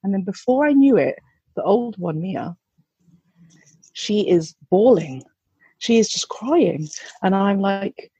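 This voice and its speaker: A woman's voice: mid-range voice, a little slow, mellow, husky, lo-fi sound. A woman, a mother, telling a candid, chatty anecdote with some swearing and restarts. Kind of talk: casual anecdote.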